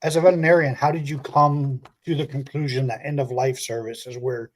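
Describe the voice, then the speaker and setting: A man's voice: medium pitch, steady tone, brisk. A man co-hosting a pet podcast, reading a guest's bio with wry asides and stumbling over a few names. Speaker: podcast co-host.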